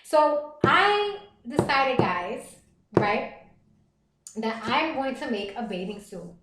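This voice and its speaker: A middle-aged woman with a Puerto Rican Bronx accent, chatting fast and reassuringly as a livestream host reading viewer comments. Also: high voice, big pitch swings, roomy sound, noisy background. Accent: Puerto Rican Bronx New York. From the Bronx, New York.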